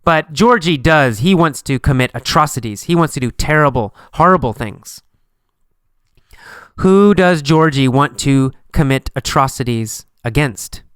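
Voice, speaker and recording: A man teaching an English lesson, asking simple questions and answering them himself, slowly and with a lot of repetition. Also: mid-range voice, expressive, fairly bright tone, clean tone, dry recording, studio quality.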